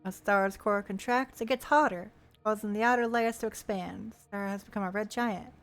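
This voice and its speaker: A woman's voice: mid-range voice, fairly even intonation, normal speed, faint music behind. A woman streamer giving playful, chatty gameplay commentary and reading in-game text aloud with joking asides.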